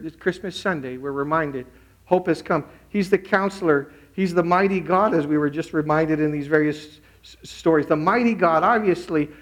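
A man with a somewhat high voice delivers a sermon as a pastor. He retells anecdotes with animated energy and acts out the quoted lines. He preaches to his congregation in a storytelling manner.

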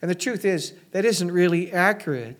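A man's voice: high voice, animated, normal speed. A pastor giving a conversational sermon to his church, with frequent fillers and restarts.

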